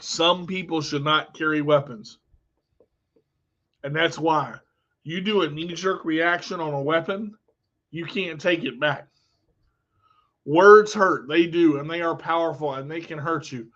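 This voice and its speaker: A man's voice: a little high, measured pace, pauses often, a bit bright, muffled recording. A man vlogging in a candid, blunt monologue, telling personal stories with emphasis.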